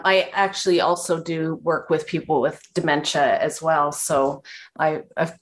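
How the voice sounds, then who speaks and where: Low-voiced woman, candid interview guest. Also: fairly even intonation. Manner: candid, reflective, halting. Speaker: guest, movement instructor. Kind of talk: conversational interview.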